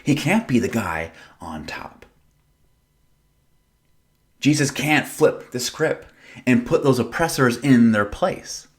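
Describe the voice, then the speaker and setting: A man's voice: mid-range voice, sing-song, takes it slowly, long pauses. A man preaching a sermon as pastor, in a casual, conversational way, retelling the story with playful drama and rhetorical questions.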